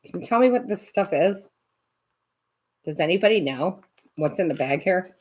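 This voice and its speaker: A woman's voice: fairly low pitch, expressive, normal speed, darkish tone, slight background noise. A woman hosting a live tarot stream, chatting casually, laughing often and greeting viewers by name.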